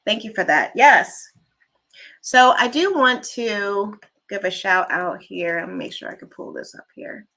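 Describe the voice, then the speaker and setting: Bright-voiced woman hosting a casual live chat. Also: medium pitch, a little slow, vocal fry. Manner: chatty, rambling storyteller who reads out viewer comments. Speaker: livestream host.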